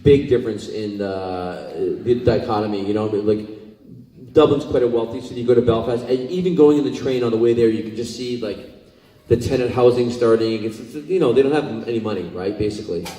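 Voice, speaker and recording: A man's voice: mid-range voice, a little fast, warm tone. A man from Scotland, a guest actor at a convention panel, telling emotional stories full of fillers. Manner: rambling, emotional, many fillers. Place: convention hall. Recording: echoey hall, distant mic.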